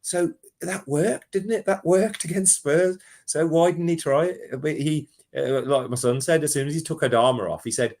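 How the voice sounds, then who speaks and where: A man calling in to a football phone-in, talking in an animated, rambling way and often restarting his sentences. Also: a little high, normal speed, few pauses. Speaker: caller. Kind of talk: casual football phone-in chat.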